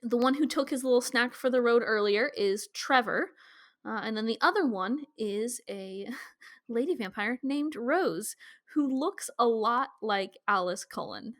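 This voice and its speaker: A woman's voice: a little high, expressive, unhurried. A woman from Kansas co-hosting a podcast, recapping a show in casual chat with playful asides and frequent laughs. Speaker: podcast co-host recapping episodes.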